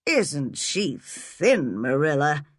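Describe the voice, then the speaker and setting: A woman's voice: sits low, sing-song, very slow, no room sound, studio quality, heavily acted. Woman doing a blunt, nosy older village busybody. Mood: disapproving. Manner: blunt and disapproving.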